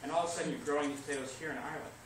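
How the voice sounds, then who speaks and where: A man teaching history to a class, lively, asking questions and answering them himself. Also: a little high, very fast. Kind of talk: classroom lecture. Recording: echoey classroom recorded from far off, noisy.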